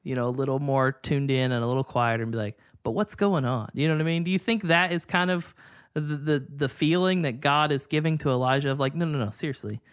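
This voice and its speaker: A man co-hosting a casual Bible study discussion, talking in a relaxed way with lots of fillers and an easy laugh. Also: fairly high pitch, quick pace, clear, resonant tone. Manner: relaxed and conversational, many fillers, laughs easily. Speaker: podcast co-host.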